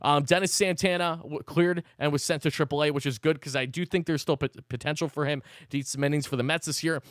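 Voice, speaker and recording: A man hosts a live postgame recap, fired up and cursing as he breaks down the game. His voice sits a little high and comes through smooth and clean. The sound is dry and close, with no room around it. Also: fairly even intonation, quick pace, a bit bright, no room sound. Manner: fired-up, swears, rants between recap. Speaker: sports channel host.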